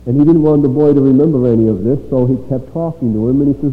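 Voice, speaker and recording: Man, preacher addressing children, slow dramatic storytelling, tinny lo-fi sound, long hall reverb. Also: mid-range voice. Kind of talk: sermon.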